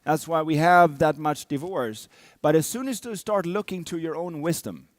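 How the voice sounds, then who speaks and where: A man's voice: on the high side, lively intonation, normal speed, dry recording, clean studio sound. A man in his thirties, a coach, telling a personal story to an audience, acting out sounds and quotes. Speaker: speaker, coach.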